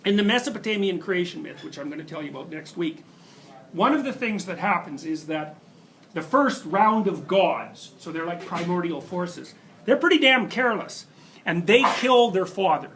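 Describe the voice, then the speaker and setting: A man's voice: high voice, animated, normal speed, fairly bright tone, poor audio. A man giving a university lecture, telling stories emphatically with rhetorical questions and asides. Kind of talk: classroom lecture.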